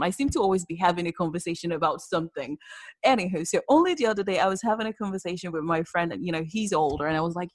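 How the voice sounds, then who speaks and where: A woman's voice: fairly low pitch, lively intonation, fast talker, no echo. A woman hosting a podcast interview, chatty and talkative, filling her talk with "you know" and "right". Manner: chatty, talkative, lots of fillers. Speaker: podcast host. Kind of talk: casual conversational interview. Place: virtual cafe podcast.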